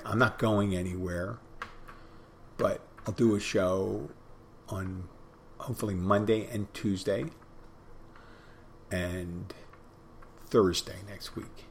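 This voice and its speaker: A man's voice: lowish voice, a little hiss or hum. A middle-aged man hosting a podcast, talking in a rambling, folksy solo monologue. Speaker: podcast host.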